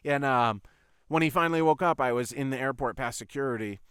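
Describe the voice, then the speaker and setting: A man hosting his own podcast delivers a casual storytelling monologue, a long, rambling personal tale heavy on swearing and "I was like" retellings. His medium-pitched voice is fairly quick, fairly bright, clear, and resonant, recorded studio quality with no echo.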